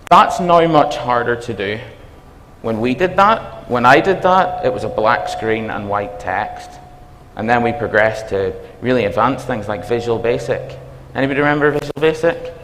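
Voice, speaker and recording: A man with a Belfast accent giving a conference talk as a university dean, talking fast and quizzing the audience. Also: medium pitch, a bit bright, slight background noise. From Northern Ireland. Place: lecture hall. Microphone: stage microphone. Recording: reverberant hall.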